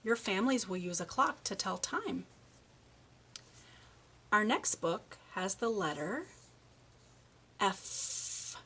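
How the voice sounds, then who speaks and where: A woman giving a children's speech lesson, reading a picture book aloud and slowly modeling words for a young child to repeat. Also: mid-range voice, animated, fairly bright tone, a little hiss or hum. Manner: slow, encouraging, exaggerates word sounds for a child. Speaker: speech therapist.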